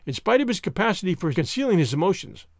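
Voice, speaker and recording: Lively-voiced male audiobook narrator. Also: high-pitched, creaky, no room sound, studio quality. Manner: measured storytelling.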